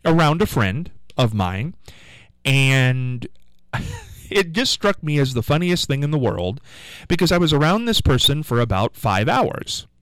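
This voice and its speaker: A man's voice: fairly high pitch, big pitch swings, a little slow, a bit bright, no echo, low-quality recording. A man hosting a call-in radio show, chatting in a rambling way and repeating the call-in number. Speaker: radio host. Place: radio studio.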